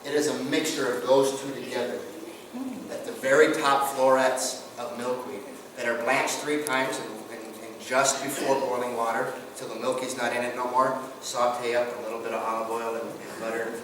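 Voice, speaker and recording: A man presents to a live audience, telling stories and asking the listeners questions in a folksy manner. He is far from the mic in a very echoey room, and steady noise runs behind his voice. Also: medium pitch, normal speed. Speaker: guest presenter on tribal culture. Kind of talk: storytelling talk to a group.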